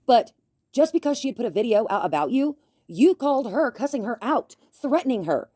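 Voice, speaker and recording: A woman's voice: a little high, sing-song, a little fast, mellow, dry recording, clean studio sound. A woman delivering a confrontational commentary rant, talking with a slight lisp from a bitten tongue. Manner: confrontational, scolding. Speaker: commentary YouTuber. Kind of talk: ranting commentary.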